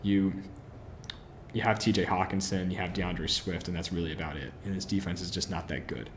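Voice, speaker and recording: A man's voice: deep voice, fairly even intonation, a little fast, slight background noise. A man hosting a solo football podcast, giving opinionated analysis, posing questions and answering them himself, with frequent fillers. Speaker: podcast host.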